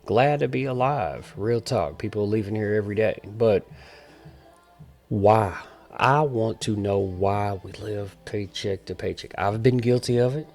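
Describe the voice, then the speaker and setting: A man's voice: fairly low pitch, a little slow, darkish tone, soft background music. A man in his forties talking casually to camera in an emphatic, repetitive, preachy way. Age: 40s. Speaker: vlogger.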